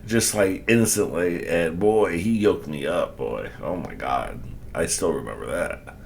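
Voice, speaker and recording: A man hosting a reaction video talks over the clip in a very deep voice. He speaks slowly and draws his story out, chuckling and adding exclamations. A faint low rumble sits behind him. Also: creaky. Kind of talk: casual reaction commentary. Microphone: desk microphone.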